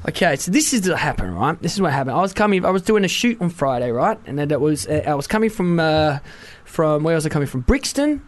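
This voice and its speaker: High-voiced, animated man. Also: fast, hardly any pauses. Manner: animated storyteller, voice leaps up when indignant. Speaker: radio co-host. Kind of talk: casual radio chat. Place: radio studio.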